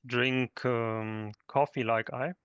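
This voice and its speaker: A man's voice: mid-range voice, fairly even intonation, takes it slowly, fairly bright tone, clear, resonant tone, no room sound, muffled recording. A man taking part in an online language class, offering brief, knowledgeable remarks. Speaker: student.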